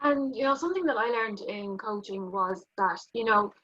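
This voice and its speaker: A woman's voice: mid-range voice, normal speed, bright, forceful tone. A woman who interviews a coach in a friendly, chatty way and asks prompting questions. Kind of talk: casual chat. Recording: dull lo-fi sound.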